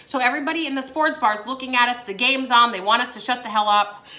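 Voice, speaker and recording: A young woman casually telling a story to her viewers, giggling between phrases and filling pauses with "like" and "um". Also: on the high side, sharp tone. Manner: giggly, laughs between phrases, many fillers. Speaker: vlogger.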